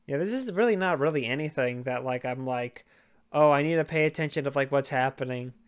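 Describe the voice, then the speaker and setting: A man's voice: medium pitch, fairly quick, clear, resonant tone. A young man co-hosting a podcast in casual chat, rambling and jokey, cursing freely and filling his talk with fillers. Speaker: podcast co-host.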